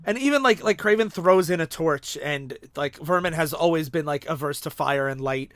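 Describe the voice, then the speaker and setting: A man's voice: a little high, moderate pace, a bit bright, no echo. A man co-hosting a podcast, cutting in to stress plot points about a comic story. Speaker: podcast co-host. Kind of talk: casual comic book discussion.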